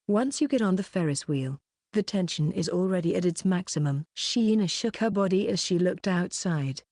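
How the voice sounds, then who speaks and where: Woman reading an audiobook, steady and even, kinda low voice, super dry close mic. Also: moderate pace, no echo. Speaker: audiobook narrator. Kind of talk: scripted audiobook narration.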